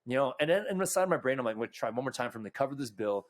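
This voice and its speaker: A man's voice: medium pitch, animated, very fast. A man hosting a podcast, telling a long anecdote in casual chat, full of fillers and quoted lines. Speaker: podcast host.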